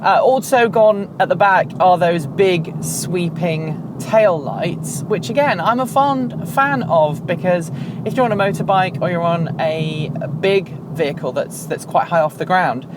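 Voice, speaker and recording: A woman's voice: on the low side, unhurried. A woman hosting her own show, giving casual video commentary in a chatty, rambling way and correcting herself as she goes. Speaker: show host. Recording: steady background noise.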